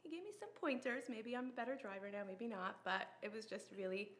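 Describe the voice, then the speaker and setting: A woman's voice: fairly high pitch, expressive, quick pace, fairly bright tone. A woman telling a funny story in a group chat, laughing often and acting out both sides of the conversation. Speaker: participant in a women's group discussion.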